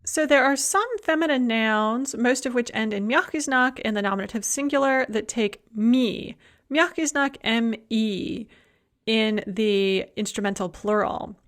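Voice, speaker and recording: A woman's voice: a little high, unhurried. A woman teaching a recorded grammar lecture, explaining rules and then reading examples word by word. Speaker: language teacher.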